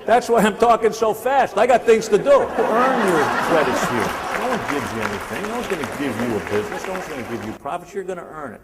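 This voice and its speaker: This motivational speaker and sales trainer, a man in his sixties, has a high voice and is very animated, talking briskly with hardly any pauses. A loud crowd makes the live seminar recording very noisy, with long hall reverb, as he teases the audience in a punchy, repetitive style.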